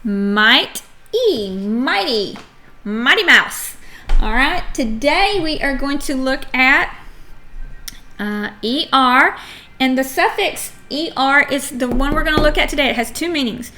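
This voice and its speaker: A middle-aged woman teaching a phonics lesson to young children, sounding out letters and words clearly and acting out examples with playful energy. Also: high voice, measured pace. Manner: animated and playful, acts out examples.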